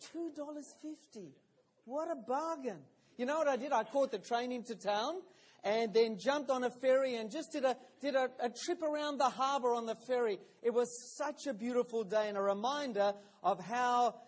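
High-voiced preacher. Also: male voice. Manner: friendly storytelling with hesitant fillers and restarts. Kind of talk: sermon.

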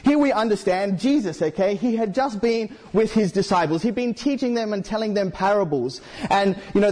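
A man with a high, husky voice gives a sermon. He talks loosely, with lots of "you know" and restarts. He keeps turning to the listeners with questions. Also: a little mellow. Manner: conversational, many "you know" fillers, asks the congregation questions. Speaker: preacher.

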